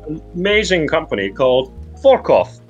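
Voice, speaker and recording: A Geordie man hosts a silly comedy podcast. His voice swings up and down as he jokes, and he breaks into excited exclamations. Music plays faintly behind him. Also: fairly high pitch, normal speed, dull audio. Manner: lively, jokey, swings into big excited exclamations. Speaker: podcast host. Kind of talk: comic podcast banter.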